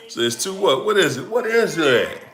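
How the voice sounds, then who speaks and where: A man hosting a casual livestream, greeting viewers in a laid-back, playful way with drawn-out greetings and frequent laughs, speaking from a room at home. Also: on the high side, a bit bright. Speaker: livestream host. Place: home room during quarantine. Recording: echoey room with faint music. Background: faint music.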